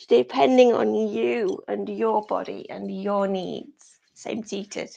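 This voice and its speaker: Yoga teacher, british woman, slow and husky, gravelly edge, gentle breathy cues on a video call. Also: on the high side, fairly even intonation. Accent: British English. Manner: soft-spoken breathy cueing, often whispered. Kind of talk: guided yoga class over video call.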